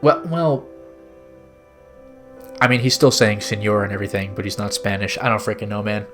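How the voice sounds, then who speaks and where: A man's voice: lowish voice, normal speed, long pauses, over music. A man streaming a game, making offhand, joking asides between scenes. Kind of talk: casual game-stream commentary.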